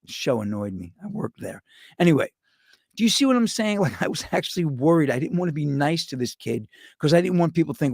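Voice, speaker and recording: A man's voice: on the high side, big pitch swings, a little fast, creaky, darkish tone, husky, no echo, studio quality. A middle-aged man, hosting a show with a rambling, profane, sarcastic comedic rant. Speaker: podcast host.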